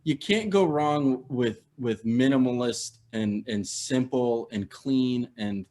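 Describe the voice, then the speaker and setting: A man's voice: mid-range voice, slow, dark tone. Thoughtful male designer in an interview. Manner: thoughtful, restarts phrases by repeating words. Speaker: guest, clothing designer. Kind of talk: casual interview.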